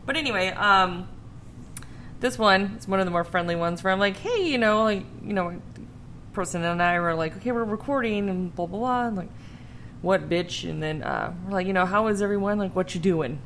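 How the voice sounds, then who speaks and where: A woman's voice: medium pitch, moderate pace, fairly bright tone, slight background noise. A woman hosting a podcast in casual chat, laughing often and swearing freely. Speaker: podcast host.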